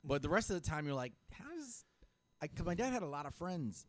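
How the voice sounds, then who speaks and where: A man's voice: fairly high pitch, expressive, very fast, no room sound. A young man co-hosting a podcast and telling family stories in a rambling way, with lots of restarts. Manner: rambling storyteller, many restarts. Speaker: podcast co-host. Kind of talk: casual chat. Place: podcast studio.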